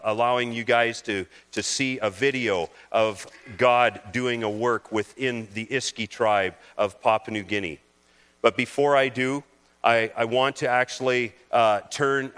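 A man's voice: mid-range voice, a bit bright, smooth. A male pastor preaching a sermon in a mid-range voice. He reads scripture aloud and talks between the passages, moved close to tears at times, stumbling and restarting his phrases. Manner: emotional, halting, with restarts.

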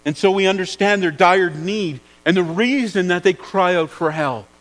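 High-voiced man preaching a sermon. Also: normal speed, a bit bright, low-quality recording. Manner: earnest, repeats words while searching for phrasing.

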